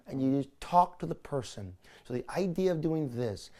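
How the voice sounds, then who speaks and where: A man coaching someone on making videos, talking with energetic, salesman-like swoops of intonation that rise and fall to make his points. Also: mid-range voice, moderate pace. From California. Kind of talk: coaching session.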